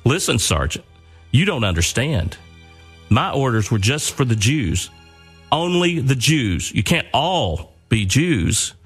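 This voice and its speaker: A man voicing a stern, threatening army major in slow, clipped threats. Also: on the low side, slightly rough, soft background music, pitched above the performer's own voice. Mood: menacing.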